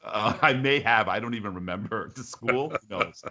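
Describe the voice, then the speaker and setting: A man's voice: fairly low pitch, normal speed. A man co-hosting a podcast, chatting casually and animatedly while telling a joke. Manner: chatty, animated, laughs often. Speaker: podcast co-host. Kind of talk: casual chat.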